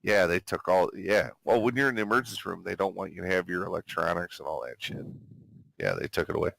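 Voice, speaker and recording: Sick forty-something guy ranting and cussing nonstop, low voice, dead dry sound. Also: quick pace, vocal fry, a bit bright, dry recording. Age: 40s. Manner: swears constantly, laughs, acts out quotes. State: recovering from illness, coughing. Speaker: gamer chatting with squadmates. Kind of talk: casual profane storytelling.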